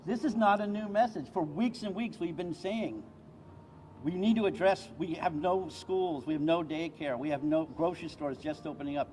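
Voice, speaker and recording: A man's voice: on the high side, moderate pace, dark tone, slight background noise. Impassioned man at a press podium. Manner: impassioned, emphatic public speaker. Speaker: state senator. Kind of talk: press conference speech.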